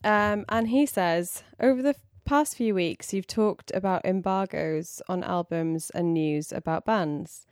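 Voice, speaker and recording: A woman's voice: on the low side, unhurried, hardly any pauses, no room sound, clean studio sound. A woman co-hosting a podcast, talking casually with frequent ums and reading out listener questions. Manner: hesitant, lots of ums, giggly. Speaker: podcast co-host. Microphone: studio microphone.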